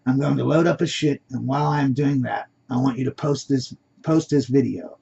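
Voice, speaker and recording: A curt kidnapper in a black mask barks orders at his partner, as a man reads him. The voice is gravelly and breathy. It is heard on a dull lo-fi recording. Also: medium pitch, normal speed, mellow. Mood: bossy.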